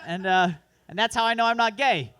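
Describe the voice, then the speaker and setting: High, bright-voiced man doing crude stand-up. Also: fairly quick, clear, resonant tone. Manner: crude, self-deprecating, rambling asides. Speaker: stand-up comedian. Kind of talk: stand-up comedy set. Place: comedy club open mic.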